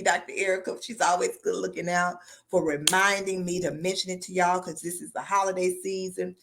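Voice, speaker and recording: A woman's voice: fairly low pitch, a bit bright. Frank, folksy woman doctor on a live stream. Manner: frank, folksy and emphatic, often says y'all. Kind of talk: casual live-stream talk.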